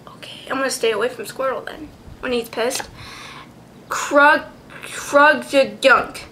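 High, bright-voiced giggly woman vlogger. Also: takes it slowly, slight background noise. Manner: giggly, excitable, swears freely. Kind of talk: casual chat.

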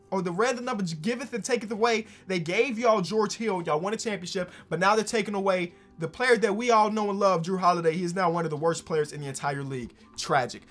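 Excitable male gaming YouTuber, somewhat high-pitched, casual hyped commentary with soft music underneath. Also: fairly quick, few pauses. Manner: excitable, swings from hyped to dry asides.

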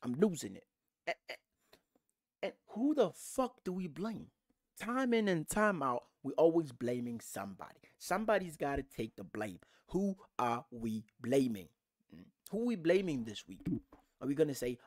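A man's voice: on the high side, measured pace, no room sound, clean studio sound. A man hosting a football fan channel, delivering an angry, profane rant straight to camera. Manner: furious, profane, animated ranting.

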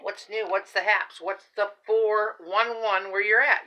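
A woman's voice: medium pitch, steady tone, unhurried, sharp tone, poor audio. An older woman, a grandmother, chatting casually and rambling in a folksy way while showing a shopping haul; she says she is tired. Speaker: haul vlogger. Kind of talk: casual chat.

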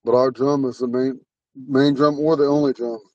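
A man's voice: mid-range voice, steady tone, normal speed, a little mellow, no room sound, distant mic, dull audio. A man with a lisp, a Ponca language teacher, talking in a rambling, earnest way while he drives. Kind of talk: casual talk while driving. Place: inside a car on the road.

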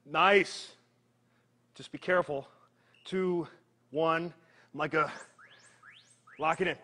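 A man leading a live workout, energetic and joking, counting down reps while he strains through the exercises himself. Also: fairly high pitch, takes it slowly. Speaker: fitness trainer.

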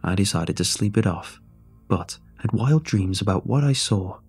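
A man's voice: lowish voice, lively intonation, moderate pace, a little mellow, slightly rough, soft background music. A man narrating a horror story in the first person, in a tense, scripted reading.

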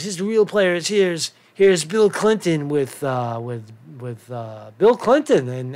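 Give me a sarcastic, foul-mouthed man riffing casually as a channel host, slightly high-pitched. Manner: sarcastic, profane, rambling. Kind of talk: casual commentary video.

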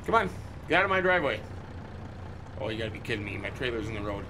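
A man hosting a farming game video, chatting in character with folksy, jokey storytelling and quick exclamations. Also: on the low side, big pitch swings, pushed and bright, a little hiss or hum. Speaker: gaming channel host. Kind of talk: in-character let's-play commentary.

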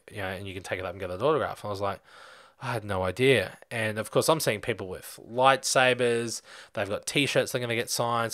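A man's voice: fairly low pitch, no room sound, clean studio sound. A young Australian man hosting a podcast, telling a rambling personal story in a casual way with lots of fillers. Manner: rambling, animated anecdote with many fillers. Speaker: podcast host.

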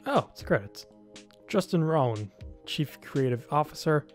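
A man's voice: a little high, animated, normal speed, soft background music. Wry young man commentating a game. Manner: wry, laid-back, joking. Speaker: gamer commentating a playthrough. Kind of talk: let's play commentary.

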